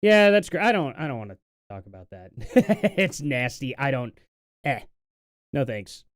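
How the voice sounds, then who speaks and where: A man's voice: medium pitch, sing-song, a little slow, no echo, studio quality. A man hosting a live stream, reacting to protest clips with sardonic, mocking commentary and lots of fillers.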